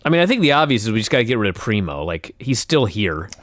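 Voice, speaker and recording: A man's voice: fairly low pitch, sing-song, fast talker, a bit bright, dry recording. A man co-hosting a podcast, ranting and swearing in exasperated casual chat. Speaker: podcast co-host.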